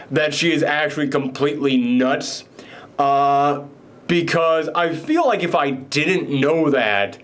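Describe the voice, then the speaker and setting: A man hosting his own show, casually recapping a film in a rambling, animated way with many fillers. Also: fairly high pitch. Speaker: film reviewer host.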